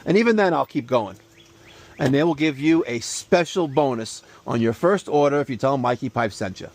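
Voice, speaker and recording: A man's voice: medium pitch, lively intonation, a little fast. A man hosting an HVAC job-site vlog, talking in a salesy, infomercial-style patter about the system he just installed. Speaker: HVAC contractor and show host. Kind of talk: casual on-the-job vlog talk.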